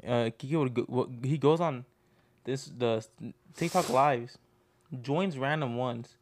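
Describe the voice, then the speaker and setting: A man's voice: medium pitch, a little slow, no echo. A teenage man co-hosting a podcast, telling rambling stories full of fillers and giggles. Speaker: podcast co-host. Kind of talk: casual chat.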